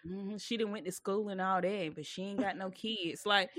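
Animated young woman co-hosting with a bright voice. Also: medium pitch, moderate pace. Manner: animated, joking, mimics older relatives. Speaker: podcast co-host. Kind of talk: casual comedic chat.

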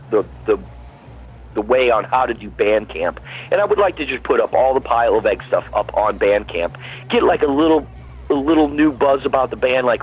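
Husky man rambling over a phone line. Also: mid-range voice, normal speed. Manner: rambling, repeats himself. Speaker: guest musician. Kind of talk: casual phone-in chat. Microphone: phone call.

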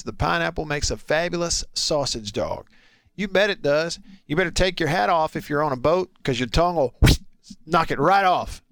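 A chatty radio host, a man whose voice sits fairly high and sounds smooth and clear. He reads texts and teases callers with playful energy, close to a dry studio mic. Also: a bit bright, no room sound. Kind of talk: casual radio talk, reading listener texts.

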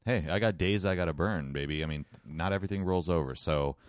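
Man, very low voice, dry close sound; casual podcast co-host with deadpan, profane rants. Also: quick pace, no room sound. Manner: wry, deadpan rants with frequent swearing. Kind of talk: casual chat.

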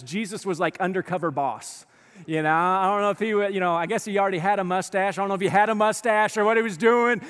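A man preaching a sermon as a pastor, telling the story in an animated way and acting out what people say, with sighs. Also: sits high. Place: church auditorium. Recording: long reverb of a large hall.

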